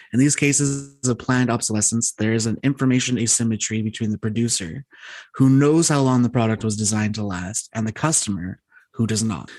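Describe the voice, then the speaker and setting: Guy on a podcast reading his notes, middle pitch, dry close sound, trips on big words. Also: dry recording. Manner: reads researched notes with stumbles on hard words. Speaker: podcast co-host. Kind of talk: casual chat and read-out explainer.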